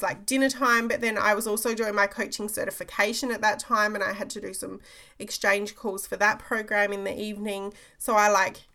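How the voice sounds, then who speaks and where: A woman's voice: mid-range voice, sharp tone. A woman, a business coach giving an emphatic motivational talk, repeating phrases and checking in with "okay?".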